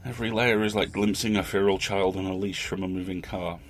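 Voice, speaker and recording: Very deep-voiced man musing on a story. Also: fairly even intonation. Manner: thoughtful, literary, deliberate. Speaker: podcast host. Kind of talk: reflective story commentary.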